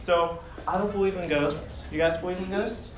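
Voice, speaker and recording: High-voiced man doing stand-up in an echoey club. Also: fairly even intonation, normal speed, far from the mic. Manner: rambling, laughs at his own jokes, crude asides. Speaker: stand-up comedian. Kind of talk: stand-up set. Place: comedy club in front of a crowd.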